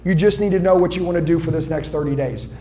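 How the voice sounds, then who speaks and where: A man giving a live motivational speech to an audience in an indoor venue, intense, urgent and profane, often yelling. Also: a little high, fast talker. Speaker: motivational speaker.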